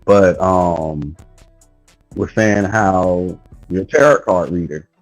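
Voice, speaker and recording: A man hosting a podcast in relaxed casual chat, rambling and saying "you know" a lot. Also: deep voice, takes it slowly, faint music behind, low-quality recording. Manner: laid-back, rambling, with lots of "you know". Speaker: podcast host.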